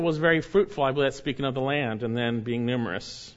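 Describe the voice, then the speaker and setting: A man preaching an expository sermon, reading scripture slowly and repeating key phrases for emphasis. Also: mid-range voice, muffled recording. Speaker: pastor.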